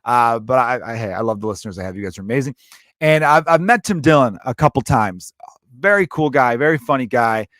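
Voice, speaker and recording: A man's voice: mid-range voice, lively intonation, brisk, a bit bright, no room sound, clean studio sound. A young man hosting a solo podcast, talking in a rambling, profane and jokey way. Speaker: podcast host. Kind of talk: casual solo podcast talk.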